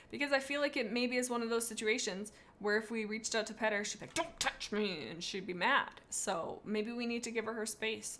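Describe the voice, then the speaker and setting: A woman's voice: medium pitch, a bit bright. A woman on a live stream, rating viewers' pet cats in a playful, rambling way and reading chat comments aloud into a desk microphone.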